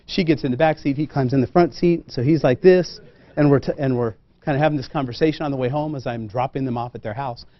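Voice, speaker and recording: A man, a tailor, tells a lively personal story to a room, acting out the dialogue and poking fun at himself. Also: medium pitch, quick pace, no room sound. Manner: animated anecdotal, acts out quoted dialogue, self-deprecating. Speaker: custom tailor and guest speaker. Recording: muffled dull sound.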